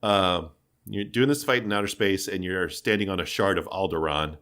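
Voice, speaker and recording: A man with a lowish voice chats loosely on a gaming podcast. He rambles through his points and pads them with fillers. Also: normal speed, fairly bright tone. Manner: laid-back, rambling with many fillers. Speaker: podcast co-host. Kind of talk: casual gaming podcast chat.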